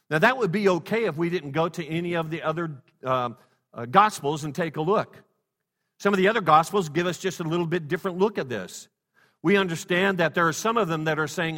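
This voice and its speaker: A man preaching a sermon, swinging from loud exclamations to hushed low passages and leading the congregation in call-and-response. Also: brisk. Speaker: pastor. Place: church sanctuary. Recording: long hall reverb.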